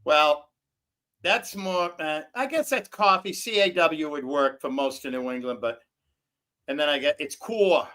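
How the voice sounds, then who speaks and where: A man's voice: a little high, measured pace, bright, forceful tone. Rambling, joking man hosting a stream. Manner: rambling, joking, loose and giggly. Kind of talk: casual live-stream chat.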